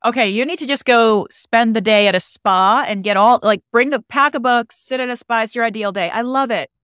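A woman's voice: on the high side, brisk, fairly bright tone, clear, resonant tone, dry recording, clean studio sound. A woman hosting a podcast, upbeat and encouraging as she interviews a guest. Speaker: podcast host.

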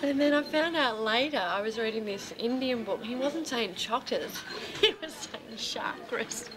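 Woman, fairly high voice, improvised casual storytelling, laughs a lot. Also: moderate pace, noisy background. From Australia. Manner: chatty, laughs through her story, imitates others. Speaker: improvising actor telling an anecdote.

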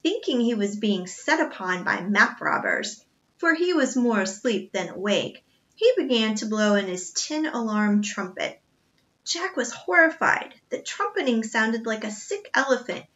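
Bright-voiced woman reading a story aloud. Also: fairly high pitch, a little slow. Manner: expressive storytelling. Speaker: reader. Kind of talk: reading a children's novel aloud. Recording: dull lo-fi recording.

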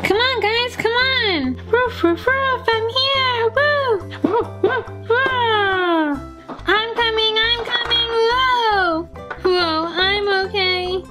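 A woman voicing excited young cartoon puppies in toy play, eager and bouncy. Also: extremely high pitch, drawn-out words, loud music behind the voice, pitched above the performer's own voice, full character voice.

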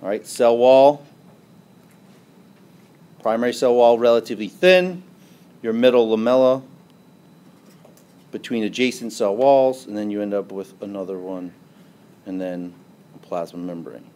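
A man's voice: on the low side, a little slow, long pauses, mellow. A man giving a biology lecture to a class, asking questions and then answering them himself, tagging his points with "right?" and "okay?" while he draws on the board. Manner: drawing on a board while explaining.

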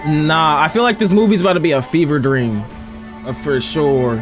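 A man chats through a reaction video, excitable and rambling, often speaking straight to his viewers. His voice sits a little high for a man, with faint music underneath. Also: normal speed. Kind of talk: casual reaction commentary.

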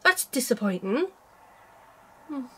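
A woman with a bright, high speaking voice chats to camera about her cross-stitch work. She teases herself and laughs often, and she is getting over a cold. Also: very animated, slow pace, breathy edge. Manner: chatty and self-mocking, laughs often. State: unwell with a cold. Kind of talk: casual chat to camera.

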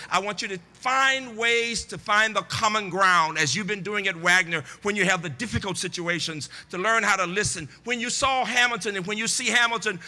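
A man in his sixties giving a commencement keynote, rhythmic and preacher-like, rising to shouted refrains. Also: sits high, in a large hall. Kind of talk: commencement address. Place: large tent outdoors.

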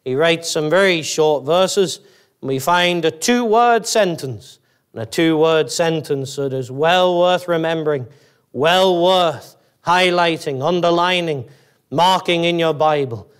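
Fired-up church preacher guy, kinda high voice, keeps asking the congregation "isn't it?". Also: a little slow, clean tone. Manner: fervent, emphatic, climbs high on exclamations; addresses listeners directly with rhetorical questions. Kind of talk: evangelical sermon. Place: church, evening service.

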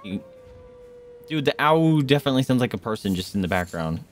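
A man streaming a video game, reacting loudly and excitably: he yelps and squeals at enemies, coos at animals in baby-talk, and drops to a hush when sneaking. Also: mid-range voice, fairly quick, faint music behind. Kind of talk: live gameplay commentary.

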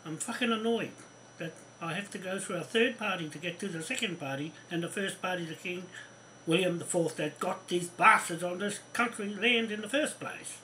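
A man's voice: sits high, moderate pace, bright, forceful tone, a little hiss or hum, low-quality recording. Furious swearing New man. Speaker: vlogger. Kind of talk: angry ranting monologue.

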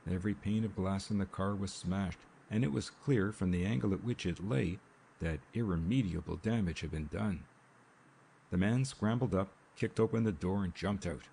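A man narrating a mystery novel in a measured, steady audiobook reading. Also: low-pitched, gravelly, a little hiss or hum. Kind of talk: scripted narration. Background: rain sounds.

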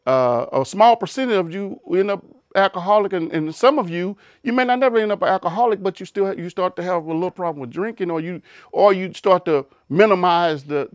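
A man with a somewhat high voice, recorded close and dry with no room sound. He preaches in a loose, conversational way, repeats himself, restarts often, and asks his listeners pointed rhetorical questions. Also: no room sound. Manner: repetitive, emphatic, with rhetorical questions and many restarts. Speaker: Bible teacher. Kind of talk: informal preaching talk.

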